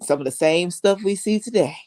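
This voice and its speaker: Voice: medium pitch, brisk, darkish tone, no room sound. A podcast co-host introducing the episode in a conversational way, with frequent "right?" asides. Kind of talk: casual show introduction.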